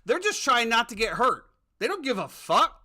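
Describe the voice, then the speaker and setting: A man's voice: very high voice, big pitch swings, moderate pace, pushed and bright. A man hosting a casual sports talk podcast, ranting with plenty of profanity. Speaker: podcast host.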